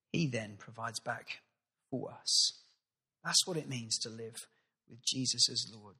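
A male pastor giving a sermon, telling the story with lively acted-out voices. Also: on the high side, slightly rough, long reverb tail. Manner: animated storytelling, acts out voices.

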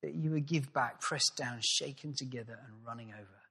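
A male pastor giving a sermon, telling the story with lively acted-out voices. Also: mid-range voice, brisk, creaky, slightly rough, in a large hall. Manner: animated storytelling, acts out voices.

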